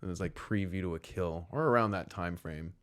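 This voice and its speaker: A man's voice: sits low, a little fast, a bit bright, a little hiss or hum. A man hosting a podcast, joking loosely, laughing often and slipping into silly voices. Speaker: podcast host. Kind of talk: casual comedic chat.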